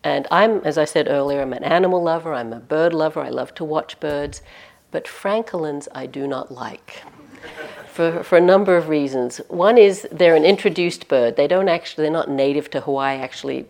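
Woman, meditation teacher, dharma talk, candid self-deprecating storytelling, lowish voice. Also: fairly quick, vocal fry, darkish tone.

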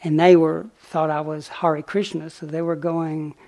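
A man giving a dharma talk as a meditation teacher, telling a story gently and unhurriedly, with pauses and small fillers. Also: fairly high pitch, flat delivery, creaky. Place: retreat center meditation hall.

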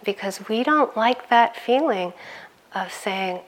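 Soft-spoken woman meditation teacher. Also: on the high side, slow pace. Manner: conversational, laughs often, animated in anecdotes. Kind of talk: dharma talk.

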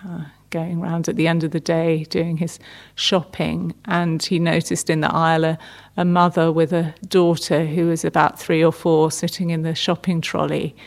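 A middle-aged woman giving a gentle, unhurried meditation talk, often restarting her phrases. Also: low-pitched, little pitch movement, gravelly. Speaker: meditation teacher. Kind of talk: dharma talk.

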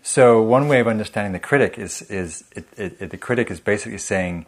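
A man's voice: on the low side, fast, few pauses. A man giving a meditation teaching in a humorous, conversational, self-deprecating way. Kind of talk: dharma talk.

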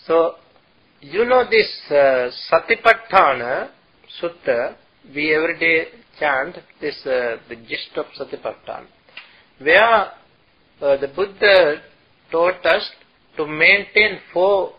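A male monk gives a dharma talk in a high, breathy voice. He speaks slowly, pausing often and chanting old verses. The recording sounds muffled and lo-fi. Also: lively intonation. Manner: slow, halting delivery with chanted Pali and Sanskrit verses. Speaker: Buddhist monk teacher.

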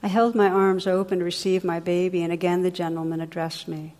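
A woman meditation teacher, originally from New Jersey, speaks in a low voice and tells a story gently and without hurry. Her voice carries a long reverb, as it would in a large hall. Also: little pitch movement. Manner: gentle, unhurried storytelling with soft pauses. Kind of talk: dharma talk, storytelling.

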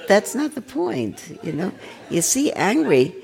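An older woman giving a gentle, conversational dharma talk as a meditation teacher, with a self-mocking manner. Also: mid-range voice, sing-song, slow pace, creaky, a faint crowd. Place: meditation center.

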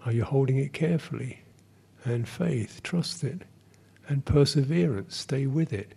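Male meditation teacher, gravelly low voice, slow and halting, pauses between phrases. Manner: drops to a soft whisper on repeated phrases. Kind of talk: meditation retreat dharma talk.

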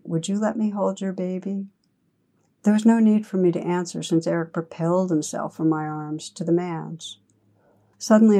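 A woman meditation teacher giving a dharma talk, telling a story slowly and gently. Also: low voice.

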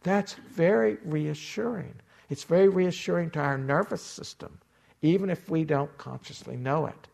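A man giving a dharma talk as a meditation teacher, unhurried and reflective, acting out inner voices with gentle humor. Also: fairly high pitch, creaky.

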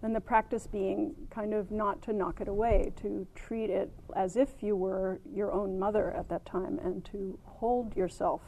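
A woman meditation teacher giving a gentle, unhurried dharma talk at a retreat center, with many ums and light laughter at her own stories. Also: mid-range voice, steady tone, slight background noise, low-quality recording.

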